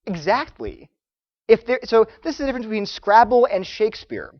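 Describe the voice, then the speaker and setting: A man lecturing students, telling stories in an animated way and acting out the voices of the people he quotes. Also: high voice, fairly quick, dry recording, dull audio. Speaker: Christian apologetics speaker.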